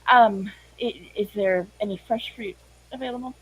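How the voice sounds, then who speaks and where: A player talks in character during a tabletop game. The questions are polite and hesitant, with mid pitch. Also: fairly even intonation, normal speed, fairly bright tone, slightly rough, dry recording, poor audio.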